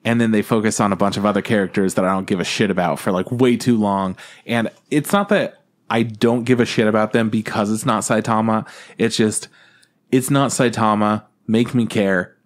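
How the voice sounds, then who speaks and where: A man's voice: fairly low pitch, moderate pace. A man co-hosting a podcast in loose, rambling chat, swearing freely and laughing often. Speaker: podcast co-host. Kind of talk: casual chat.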